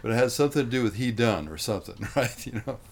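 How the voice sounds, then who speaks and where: A man's voice: mid-range voice, racing, gravelly, slight background noise. A man in casual conversation, rambling in a folksy way and often saying "man".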